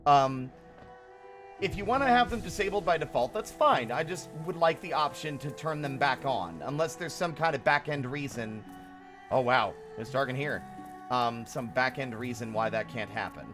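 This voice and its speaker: A man's voice: medium pitch, normal speed. A man streaming a video game live, commenting in a chatty, rambling way with lots of fillers. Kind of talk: casual live gameplay commentary. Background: faint game music.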